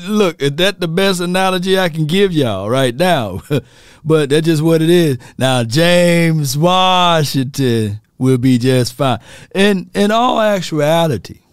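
A man's voice: a little high, lively intonation, takes it slowly, smooth, no room sound, studio quality. A man hosting a casual sports talk show, joking, laughing often and talking straight to his viewers.

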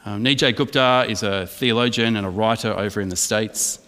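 A man's voice: on the low side, fairly quick, pushed and bright. Australian male pastor preaching in a hall. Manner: emphatic preaching, asks the congregation questions. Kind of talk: sermon.

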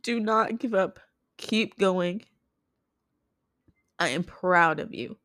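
A young woman speaks straight to her viewers in a heartfelt personal vlog, her voice sitting a little low. She talks haltingly, often stopping and starting over. The sound is close and dry, with no room around it. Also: a bit bright, no echo. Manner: heartfelt, halting, many restarts. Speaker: vlogger.

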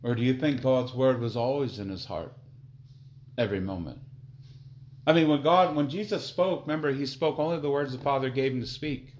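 A man preaching a sermon, slowing down to read scripture aloud and swinging from quiet low asides to loud emphatic declarations. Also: muffled recording. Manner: reads scripture slowly and deliberately.

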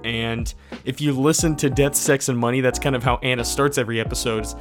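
A man's voice: medium pitch, fairly even intonation, brisk, faint music behind. A man from West Virginia with a country accent, hosting a podcast in an easygoing, folksy, rambling way. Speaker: podcast host. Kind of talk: casual podcast chat and outro.

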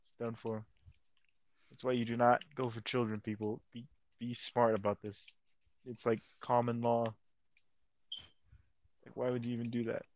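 A man's voice: medium pitch, level tone, normal speed, long pauses. A young man co-hosting a casual podcast chat, rambling in slang, stumbling over words and acting out quotes. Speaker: podcast co-host.

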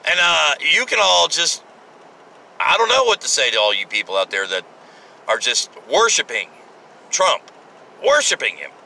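A blunt man in his forties rambles through a solo podcast monologue, swearing freely and restarting his sentences. His voice is very bright and forceful, with a hard, sharp edge. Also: fairly high pitch, sing-song, moderate pace, creaky, pauses often, poor audio. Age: 40s. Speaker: podcast host.

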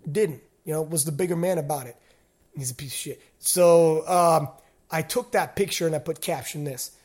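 Male podcast host, high-pitched, animated storyteller who swears freely. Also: normal speed, slightly rough. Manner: animated storytelling, acts out shouted quotes. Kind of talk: casual chat.

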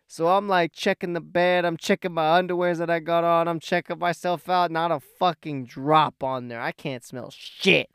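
A young man telling a rambling, profane story about his life in a casual, animated way. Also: a little high, moderate pace, clear, resonant tone, dry recording, clean studio sound. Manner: profane, rambling, animated when he gets heated.

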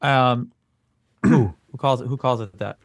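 A man's voice: mid-range voice, a little slow, no echo. A man co-hosting a comedy podcast, dry and skeptical in his banter. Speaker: podcast co-host. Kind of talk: comedic casual chat.

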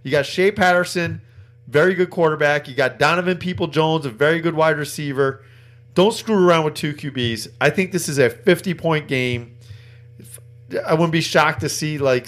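A man's voice: a little high, fairly bright tone. A man hosting a sports betting podcast, chatting casually and rattling off stats and picks, laughing easily. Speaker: podcast host.

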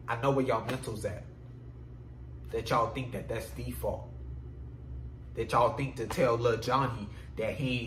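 A man hosting a solo podcast, ranting in an animated, profane way, recorded in an echoey room with a faint hum. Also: medium pitch, a little slow. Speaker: podcast host.

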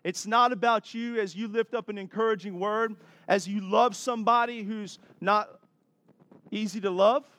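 A man with a high, bright-edged voice delivers a sermon in a lively storytelling manner, turning to talk straight to his listeners. The sound is close and dry, with no room around it. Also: normal speed, dry recording. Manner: animated storytelling, addresses the crowd directly. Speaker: pastor.

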